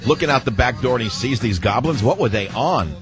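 A man's voice: medium pitch, expressive, brisk, over music. An older man hosting a talk radio show, rambling and sardonic, acting out the voices in his head. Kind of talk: talk radio monologue and calls.

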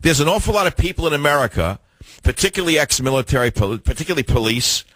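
A man's voice: on the high side, lively intonation, quick pace, fairly bright tone, breathy edge, no room sound. An older man hosting a talk radio show, delivering an opinionated, combative monologue with rhetorical questions. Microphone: studio mic.

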